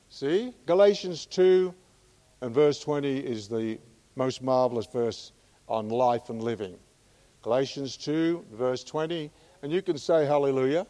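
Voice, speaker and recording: Slow emphatic preacher in a reverberant hall. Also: male voice, mid-range voice. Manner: slow, emphatic, rising loud on scripture. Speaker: Bible teacher. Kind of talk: Bible study lecture.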